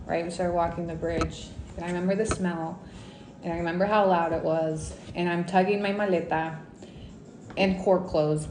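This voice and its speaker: A woman from Mexico telling a personal story in a casual, animated livestream storytime, dropping in Spanish words. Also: fairly low pitch, echoey room, a little hiss or hum. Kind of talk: casual storytime on a live stream.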